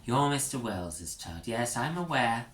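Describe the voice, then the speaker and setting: A man's voice: medium pitch, very animated, a little slow, fairly bright tone. Male reader doing a fussy, formal young counsellor woman; storybook; roomy, slightly noisy take. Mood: prim. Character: prim young female school counsellor, overly formal.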